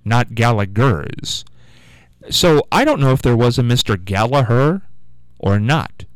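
A man hosts a local morning call-in show, talking in a folksy, rambling way full of ums and restarts. His voice sits low and comes across smooth and resonant. The studio mic is close and dry. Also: no room sound. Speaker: radio talk show host. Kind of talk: call-in radio talk. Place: radio studio. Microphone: studio microphone.

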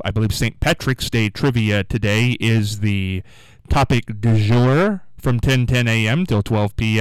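A chatty male radio host whose voice rises and falls in lively swings as he banters with callers. He sounds close and dry, with no room around him. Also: medium pitch, smooth, dry recording, low-quality recording. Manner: chatty, upbeat, quick with banter. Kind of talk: call-in radio show.

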